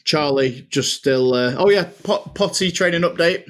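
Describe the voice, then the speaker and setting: A man's voice: fairly high pitch, normal speed. A man, co-hosting a casual podcast chat and telling stories with laughs, calling his co-host mate. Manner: chatty, laughing storyteller, says "mate" a lot.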